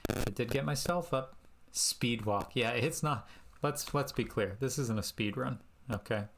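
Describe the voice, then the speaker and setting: A male game streamer who talks at an ordinary middle pitch, rambling and sarcastic as he plays. He pokes fun at himself and now and then jumps up into high, exasperated exclamations. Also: measured pace, creaky, fairly bright tone. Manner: sarcastic, self-mocking, rambling. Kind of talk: live game-stream commentary.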